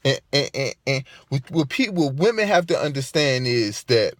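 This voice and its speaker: A man's voice: mid-range voice, sing-song, normal speed, dry recording. A man delivering an emphatic, profane vlog rant, hammering his points by repeating them. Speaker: vlogger. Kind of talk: ranting monologue to camera.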